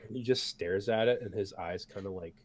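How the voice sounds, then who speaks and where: Low-voiced man running a tabletop game. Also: fairly quick. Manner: casual, many fillers and restarts. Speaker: game master.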